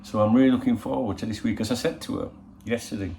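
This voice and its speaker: Gravelly, cheeky middle-aged man rambling. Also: mid-range voice, fairly even intonation, fast, dark tone, slight background noise. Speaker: football channel host. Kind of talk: casual chat. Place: in Spain.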